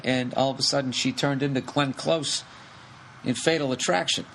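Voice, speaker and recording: A middle-aged man hosting a podcast, telling a rambling comic story with lots of swearing in quick animated bursts. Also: medium pitch, gravelly, poor audio. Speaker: podcast host. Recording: faint background noise.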